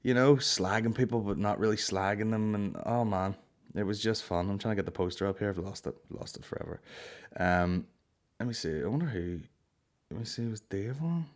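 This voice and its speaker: A young Northern Irish man talks to his podcast listeners in a loose, rambling way, swearing freely and filling gaps with "you know". His voice sits a little low. He sounds like he is telling stories to mates. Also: normal speed. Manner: swears freely, rambling storytelling with frequent fillers. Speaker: podcast host. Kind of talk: casual solo podcast chat.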